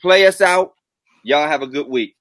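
A man's voice: fairly high pitch, moderate pace, a bit bright, slight background noise. A man hosting a casual live stream, joking and drawing out his announcements. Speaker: host.

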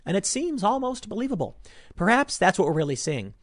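Animated sarcastic male commentator. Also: high voice, brisk, dry recording, studio quality. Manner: sarcastic, mocking, swings between loud and muttered asides. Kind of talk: opinionated commentary vlog.

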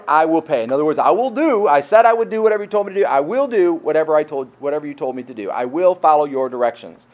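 A man's voice: a little high, rough recording. Conversational male pastor preaching. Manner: informal, repeats words, asks rhetorical questions. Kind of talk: conversational sermon.

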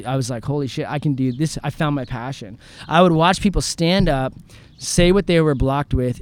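A man from San Diego, a guest in an outdoor interview, telling his story in an animated, profane way and acting out the lines of the people in it. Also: medium pitch, smooth. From San Diego, California. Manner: animated, profane, acts out quoted dialogue.

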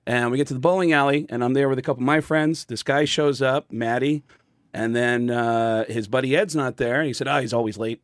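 A man's voice: medium pitch, fairly quick, no room sound. A comedian guest in a studio, telling a casual story with many fillers and restarts, acting out the people he quotes.

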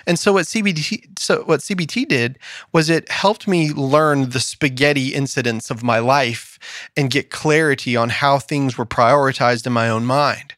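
A man co-hosting a podcast in a studio, telling personal stories in a casual, animated way and acting out what others said. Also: medium pitch, moderate pace, no echo. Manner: animated storyteller, acts out quoted voices. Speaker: podcast co-host.

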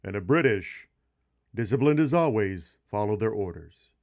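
Guy on a history podcast, lowish voice, tells it big, slows down to hit the points. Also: expressive, darkish tone. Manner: emphatic, slows down to stress key points. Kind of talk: dramatic history storytelling.

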